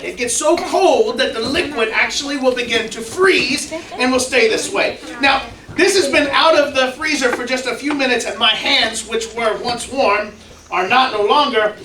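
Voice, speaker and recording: A man with a high, bright voice plays a worn-out character in a kids' skit and turns it into a lively science lesson, asking the audience questions along the way. He sounds far from the microphone in an echoey room. A faint hiss sits under the recording. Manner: playful, asks the kids questions. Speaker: children's ministry presenter. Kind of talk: comedic science skit for kids.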